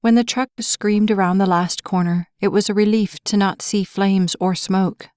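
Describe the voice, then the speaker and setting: A woman reads a romance novel aloud in a clear, measured way, at a middle pitch. Her voice sits close to the mic. The sound is completely dry, with no room echo. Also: steady tone, darkish tone. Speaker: audiobook narrator. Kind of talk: scripted audiobook narration.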